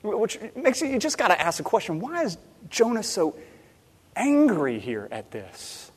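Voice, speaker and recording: A man's voice: high voice, measured pace, breathy edge. Preaching man in a reverberant hall. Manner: animated, wide swings between loud emphasis and quiet asides. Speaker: pastor. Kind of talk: sermon. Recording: long reverb in a large hall.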